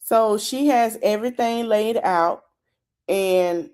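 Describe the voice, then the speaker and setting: Woman podcast host, casual recap, chatty storytelling, mid-pitched voice. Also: takes it slowly, darkish tone. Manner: chatty storytelling, retelling dialogue with commentary. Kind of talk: casual reality show recap.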